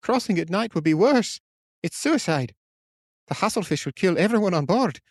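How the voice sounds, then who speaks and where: A man's voice: fairly high pitch, sing-song, normal speed, dry recording, studio quality, voice pushed up. A man voicing a blunt male fisherman in an audiobook. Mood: frightened. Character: gruff male fisherman, curt and unafraid. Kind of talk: audiobook character voice.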